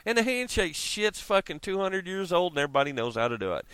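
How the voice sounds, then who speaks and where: A vlogger talks to camera in a loose, profane rant, laughing often and rambling at a quick pace. His voice is smooth and clear, its lively pitch jumping around, and the recording is dry and close with no room sound.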